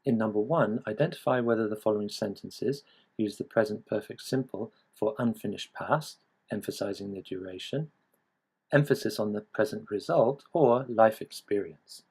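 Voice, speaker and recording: A man narrating a scripted English grammar lesson in a measured, explanatory way. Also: fairly low pitch, a little mellow, slightly rough, rough recording. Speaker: English teacher.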